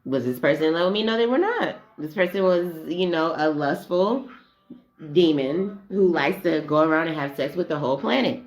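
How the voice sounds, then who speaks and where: A woman's voice: sits low, animated, normal speed. A woman vlogging in a blunt, profane, casual monologue that wanders off on tangents.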